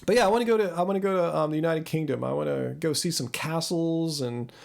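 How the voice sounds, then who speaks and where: Guy hosting a live q&a, kinda high voice with lots of fry, rambly and self-deprecating. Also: quick pace. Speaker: channel host. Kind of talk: live Q&A chat. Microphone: close studio mic.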